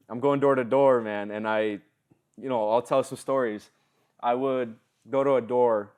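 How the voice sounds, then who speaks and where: A man's voice: fairly low pitch, clear, resonant tone. A young man in his twenties, a podcast guest, telling stories in casual slang. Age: 20s. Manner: storytelling, lively, casual slang.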